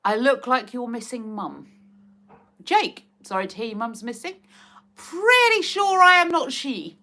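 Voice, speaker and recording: A woman's voice: on the high side, animated, measured pace, sharp tone. A woman with a Hertfordshire accent, chatting casually and giggling as she reads out viewer comments on her live stream. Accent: Hertfordshire English. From Hertfordshire, England. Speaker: livestream host.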